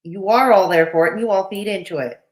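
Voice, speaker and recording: A woman's voice: mid-range voice, quick pace. Woman host, casual reaction chat, blunt, dismissive, echoey room. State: has the hiccups. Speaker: commentary channel host.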